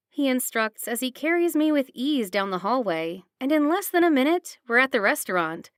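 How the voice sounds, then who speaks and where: A woman reading a first-person romance audiobook with steady, expressive narration. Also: on the high side, smooth, dry recording, clean studio sound.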